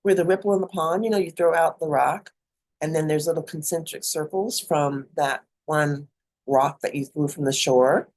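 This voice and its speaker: A woman's voice: sits low, fairly even intonation, moderate pace, a little mellow. Chatty middle-aged woman, spiritual talk. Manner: chatty, digressive, laughs often. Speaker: spiritual mentor.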